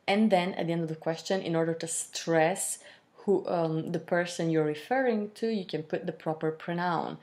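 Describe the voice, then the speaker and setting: A woman teaching a French lesson, explaining slowly with fillers and modelling pronunciation. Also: fairly low pitch, darkish tone. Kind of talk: language lesson.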